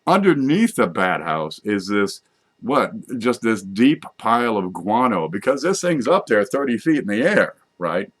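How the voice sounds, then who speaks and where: A man's voice: lowish voice, big pitch swings, measured pace, a bit bright. A middle-aged man talking in a loose, folksy, joking monologue, wandering from idea to idea and correcting himself as he goes. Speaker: vlogger. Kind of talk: rambling comic monologue.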